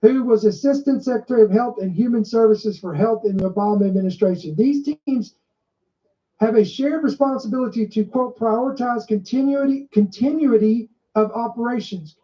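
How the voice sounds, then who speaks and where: Brief: woman podcast host, emphatic news commentary, mellow tone, dull muffled recording. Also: fairly high pitch, normal speed. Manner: emphatic, stresses and repeats key words. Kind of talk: commentary reading news aloud.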